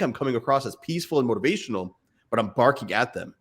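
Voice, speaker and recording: A man's voice: mid-range voice, animated, very fast, a bit bright, slightly rough. A man in his thirties co-hosting a casual fatherhood chat, earnest and talking in bursts. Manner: earnest, speaks in bursts, imitates barking dad voice. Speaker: podcast co-host.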